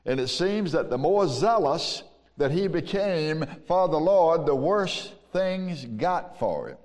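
Man, Southern US accent, pastor's sermon, very slow and emphatic, long hall reverb. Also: fairly high pitch, a little mellow.

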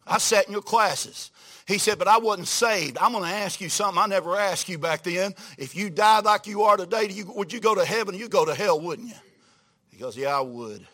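A man preaching a storytelling sermon to a church congregation, folksy and animated, going from hushed quoted asides to loud exclamations. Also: high-pitched, brisk.

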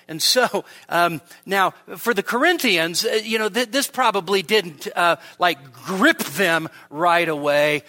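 Bright-voiced male pastor preaching animatedly. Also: on the high side, measured pace, no echo. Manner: animated preaching with humor and rhetorical questions. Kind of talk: sermon. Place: church.

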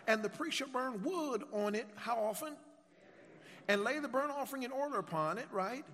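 A male preacher with a high voice delivers a sermon in a church, with long reverb trailing his words. He reads scripture, pauses for rhetorical questions, and calls on the congregation to repeat lines with him. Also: lively intonation, fairly bright tone. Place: church sanctuary.

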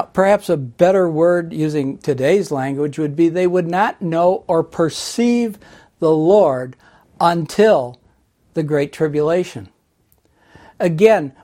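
A man preaching a sermon, teaching slowly and deliberately through Bible passages. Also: on the high side, mellow. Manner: slow, deliberate Bible teaching with scripture readings.

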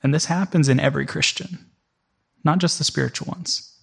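Here he speaks fairly quickly with a fairly high, bright, husky voice and some vocal fry. It's conversational teaching before a congregation: a vivid second-person story about everyday life, aimed straight at those present.

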